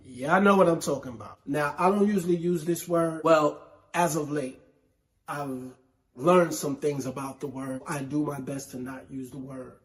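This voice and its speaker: A man from New York City hosting a solo hip hop show, with a New York accent, talking slowly and emphatically in casual commentary. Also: fairly high pitch, fairly even intonation. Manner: slow, emphatic, conversational with repetition. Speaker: podcast host.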